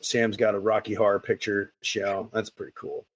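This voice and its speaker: A man hosting a podcast interview, telling stories in a rambling, animated way. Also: on the low side, normal speed. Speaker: podcast host. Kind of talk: casual interview chat.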